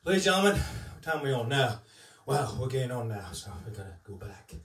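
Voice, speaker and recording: A man chats warmly and earnestly to his live-stream viewers, rambling with plenty of fillers. His voice sits at an ordinary pitch and comes through from some way off the mic. The room rings a little, and faint music plays underneath. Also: big pitch swings, quick pace, roomy sound, distant mic. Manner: heartfelt and rambling, many fillers. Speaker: tribute entertainer. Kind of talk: casual chat on a live stream.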